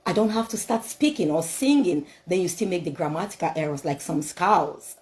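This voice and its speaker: A woman's voice: lowish voice, lively intonation, fairly quick, darkish tone, rough recording. A woman speaking English as a second language, giving a motivational talk laced with scripture, emphatic and repetitive, full of rhetorical questions. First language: not English.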